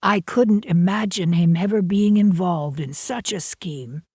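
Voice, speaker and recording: A woman narrating a first-person family drama story in a measured, dramatic delivery. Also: fairly low pitch, darkish tone, breathy edge, dry recording, clean studio sound.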